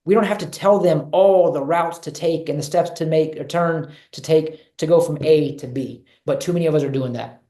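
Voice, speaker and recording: A man's voice: a little high, normal speed, hardly any pauses, warm tone, reverberant. A man presenting in a leadership webinar, talking earnestly and repeating key phrases for emphasis over a video call. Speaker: guest speaker on leadership.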